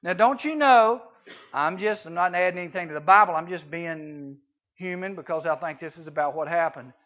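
A man preaching a conversational sermon to junior high students, swinging between loud and hushed, on a dull lo-fi recording. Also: normal speed. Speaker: youth preacher.

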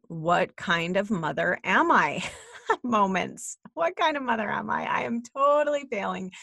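A woman's voice: low voice, gravelly, fairly bright tone, no echo, clean studio sound. A woman in her thirties, a mother, telling a candid personal story in a chatty way and often checking in with "right?".

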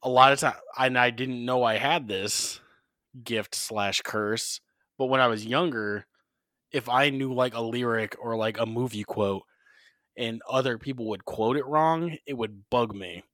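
A man's voice: mid-range voice, a little slow, sharp tone, no room sound, studio quality. A man co-hosting a podcast, telling rambling stories in a casual chat and swearing freely. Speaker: podcast co-host.

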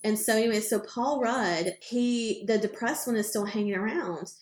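A woman's voice: on the high side, normal speed, echoey room. A woman co-hosting a podcast, chatting casually and rambling with lots of fillers and the odd swear word. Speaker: podcast co-host. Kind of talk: casual chat.

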